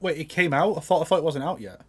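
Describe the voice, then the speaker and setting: A man's voice: on the high side, lively intonation, fast talker, a bit bright, slightly rough. A man co-hosting a fighting game podcast, teasing and sarcastic, swearing casually. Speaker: podcast co-host. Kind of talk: casual chat.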